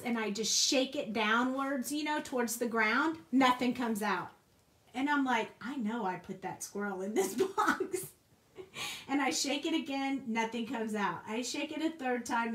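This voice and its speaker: A woman hosting a crafting video, telling a lively story in a casual way, laughing often and acting out the people she quotes. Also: a little high. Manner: animated, laughs often, acts out quoted voices. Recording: echoey room.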